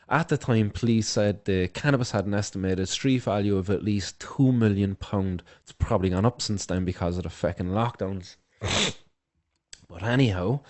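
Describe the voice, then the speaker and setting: A man's voice: fairly low pitch, darkish tone. An Irish man hosting a news vlog, tearful with a blocked nose, speaking with passion and heavy swearing. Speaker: host of a home news show.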